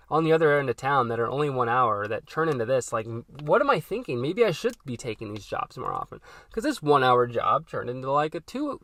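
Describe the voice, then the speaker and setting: A man's voice: fairly high pitch, pushed and bright, no echo. A young man hosting a podcast, telling a rambling story about a job gone wrong, full of fillers and exasperated venting. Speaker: podcast host. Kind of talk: casual storytelling rant.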